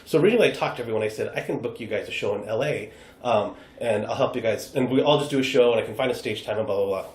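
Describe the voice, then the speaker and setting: American man, improv guest, mid-pitched and animated, slips into voices for quotes, slightly echoey room. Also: very fast. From United States. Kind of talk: casual podcast chat. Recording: roomy echo.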